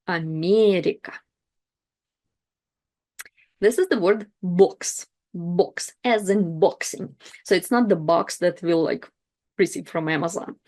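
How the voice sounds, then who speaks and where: A woman teaching pronunciation, saying each word slowly and then repeating it. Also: mid-range voice, darkish tone. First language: Russian. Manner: repeats each word twice, slow and deliberate. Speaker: language teacher. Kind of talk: slow, clear pronunciation lesson.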